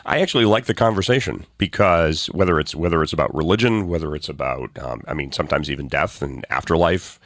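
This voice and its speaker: A man's voice: a bass voice, quick pace, hardly any pauses, a bit bright, dry recording, clean studio sound. A man co-hosting a political talk show, blunt and sarcastic, ranting with frequent restarts. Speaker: co-host.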